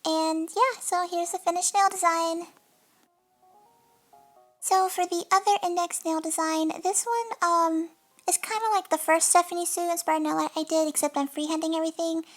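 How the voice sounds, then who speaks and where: A woman's voice: very high-pitched, steady tone, normal speed, soft background music. A young woman in a casual, chatty voice-over, narrating her nail art at home and often apologizing between fillers. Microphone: desk mic.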